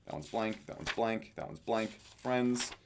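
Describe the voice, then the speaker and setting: A man's voice: on the low side, unhurried, noisy background. A young man casually reading out his own journal and planner entries, with offhand dry asides and frequent fillers. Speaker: vlogger.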